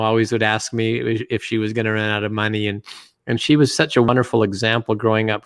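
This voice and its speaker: A middle-aged man with a gravelly, creaky voice tells family stories as an interview guest. He rambles in a relaxed way, full of fillers and restarts. The sound is dry and close, with little room behind it. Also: mid-range voice, dry recording. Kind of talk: anecdotal storytelling.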